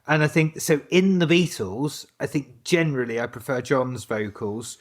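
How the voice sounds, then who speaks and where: A man co-hosting a music podcast, reasoning his view aloud in a relaxed, thoughtful way. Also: mid-range voice, moderate pace. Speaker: podcast co-host. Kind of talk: casual chat.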